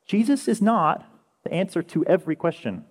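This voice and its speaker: A young man preaching a conversational sermon as a pastor, telling stories with animated energy. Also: high voice, normal speed. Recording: echoey hall with long reverb.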